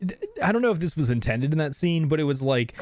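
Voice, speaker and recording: A man's voice: fairly high pitch, expressive, fast, darkish tone, dry recording. A man co-hosting a casual film review podcast, chatty, agreeing often and laughing easily. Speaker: podcast co-host.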